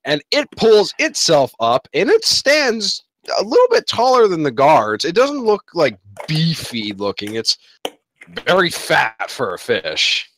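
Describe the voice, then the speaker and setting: Bright-voiced male game master. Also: fairly high pitch, wildly swooping pitch, a little slow. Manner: descriptive, rambling with restarts. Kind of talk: narrating a tabletop game.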